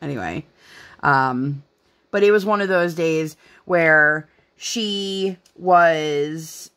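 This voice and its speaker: A woman's voice: low-pitched, extremely slow, a bit bright, smooth. Young woman, craft channel host, rambling chatty manner, filler-heavy casual talk. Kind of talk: casual chat while crafting. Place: at home, working on a craft.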